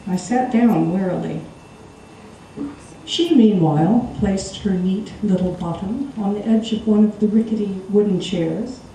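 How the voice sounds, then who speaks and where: A woman performing a wry, expressive story reading live in a theatre. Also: medium pitch, a little hiss or hum. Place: theatre stage. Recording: echoey live stage, distant mic.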